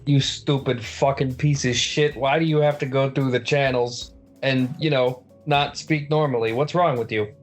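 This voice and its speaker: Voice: mid-range voice, steady tone, moderate pace, soft background music, pitched below the performer's own voice, lightly acted. A player voicing a frustrated young male mutant who rants crudely at a radio. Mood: exasperated. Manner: exasperated, crude.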